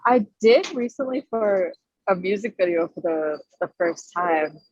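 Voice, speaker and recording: A woman's voice: mid-range voice, animated, unhurried, darkish tone, dry recording. A woman with a Long Island accent, a drummer chatting casually as a guest on a video call, often laughing as she talks. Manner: laughs while talking, easygoing. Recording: dry, dull video call audio.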